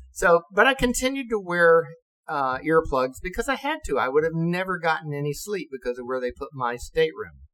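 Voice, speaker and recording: An older man and retired navy officer casually recounting stories, lively and profane, acting out what others said. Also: mid-range voice, rough recording. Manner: lively, acts out quotes, swears and laughs. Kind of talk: casual storytelling.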